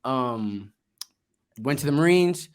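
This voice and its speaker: Young guy rambling through his story, blunt and lively, mid-pitch voice, swears a lot. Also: slow, clear, resonant tone. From Colombia, raised in Florida. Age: young adult. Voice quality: energetic, candid, swears freely. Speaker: guest, investor and Marine veteran. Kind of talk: casual storytelling interview.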